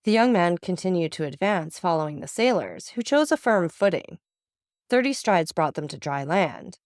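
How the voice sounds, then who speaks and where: A woman's voice: on the low side, expressive, normal speed, no room sound, clean studio sound. Woman narrating a classic novel. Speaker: audiobook narrator.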